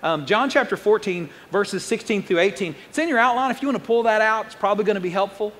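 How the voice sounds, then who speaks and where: A man preaching a sermon as pastor, fast-talking, joking and conversational, building up excitement as he explains scripture. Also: high voice, big-room sound.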